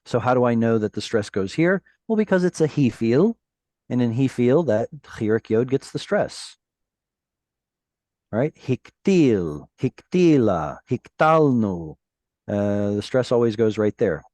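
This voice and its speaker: A man teaching a Hebrew class over a video call, patiently explaining words and reading verses slowly. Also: mid-range voice, lively intonation, warm tone, no room sound.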